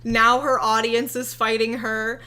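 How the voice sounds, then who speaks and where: A woman's voice: a little high, flat delivery, a little slow, sharp tone. Sarcastic, laughing young woman commentator. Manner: sarcastic, profane, laughing, chatty. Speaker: commentary video host. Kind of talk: casual commentary.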